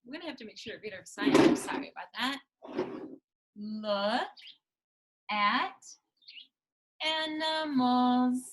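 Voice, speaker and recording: A woman speech therapist teaching preschoolers, talking in a sing-song, drawn-out way and clapping out syllables. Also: a little high, animated, very noisy. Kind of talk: slow, sing-song teaching to young children.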